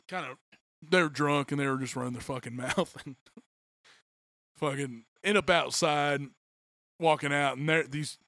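A man's voice: fairly high pitch, a little slow, long pauses, dry recording, studio quality. Profane man telling stories. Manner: profane, animated storytelling with acted-out quotes. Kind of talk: casual chat.

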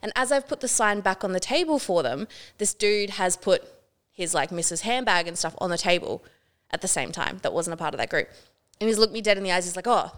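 A woman's voice: mid-range voice, fast. A young woman co-hosting a casual podcast, telling a work story with lots of swearing and acted-out quotes. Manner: animated storytelling, swears freely, acts out quotes. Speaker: podcast co-host.

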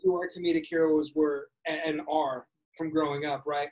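A man's voice: on the high side, flat delivery, moderate pace, darkish tone, muffled recording. A man co-hosting a casual chat, talking at length and reflecting on his points.

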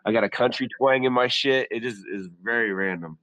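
A man with a deep voice, rambling through joking banter with frequent restarts. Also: brisk, pushed and bright, low-quality recording. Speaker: podcast co-host. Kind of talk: casual comedic chat.

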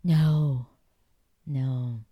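Deep-voiced woman telling stories. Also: steady tone, very slow, warm tone, slightly rough. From Pittsburgh, USA. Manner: chatty, laughs often, many fillers. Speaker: interview guest, actress and former figure skater. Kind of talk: casual interview storytelling.

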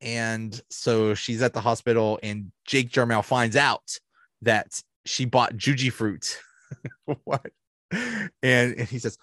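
A man's voice: medium pitch, very animated, slow, a bit bright, dry recording. A man hosting a podcast, recapping a favorite episode enthusiastically and rambling with restarts. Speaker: podcast host. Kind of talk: casual episode review.

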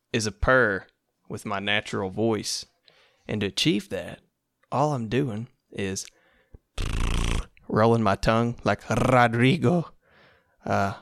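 A man's voice: fairly low pitch, pushed and bright, clean tone, no echo, clean studio sound. A man hosting a casual solo podcast in a laid-back, rambling, self-amused way. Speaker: podcast host.

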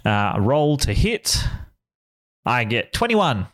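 A player in a tabletop game, chatting casually and excitably. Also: mid-range voice. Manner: excitable, quick to laugh.

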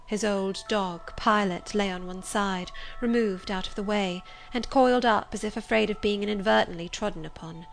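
A woman narrating a story in a measured, expressive reading style. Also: mid-range voice, creaky, soft background music. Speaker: audiobook reader. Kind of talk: scripted narration.

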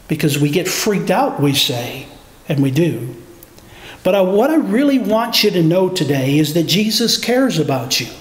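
A middle-aged man preaching a sermon as pastor, earnest and full of rhetorical questions. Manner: earnest, rhetorical questions, lively pitch swings. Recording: echoey hall with long reverb.

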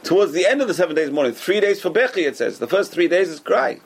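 A man teaching a Torah class as a rabbi, animated and repetitive, who keeps asking rhetorical questions and answering them himself. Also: sits high, fast talker, slightly rough.

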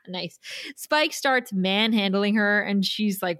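Dry-sounding woman recapping with lively laughs. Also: mid-range voice, normal speed, no room sound. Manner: animated retelling, quoting characters, laughs often. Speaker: podcast co-host. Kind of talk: casual recap chat.

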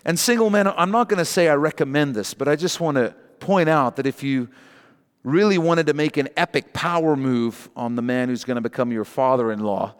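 A male pastor preaching a sermon, reading scripture with animated joking asides and emphatic repetition. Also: fairly high pitch, brisk, clean tone, big-room sound.

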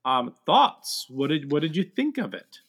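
A man's voice: on the high side, sing-song, a little slow, a bit bright. A young adult man co-hosting a pop-culture podcast, moving from an upbeat scripted intro into loose chat full of ums and uhs. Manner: upbeat reading of show promos, then loose chat with many fillers. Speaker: podcast co-host. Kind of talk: casual chat.

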